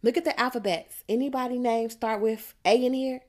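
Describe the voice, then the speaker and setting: A woman voicing a loud, bossy female classmate who drills the alphabet in a high, drawn-out voice. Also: lively intonation.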